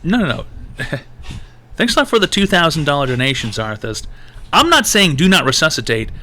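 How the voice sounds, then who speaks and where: A man hosting a live-streamed advice show, ranting in a loose, profane and animated way. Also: fairly high pitch, moderate pace. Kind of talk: live-stream call-in talk.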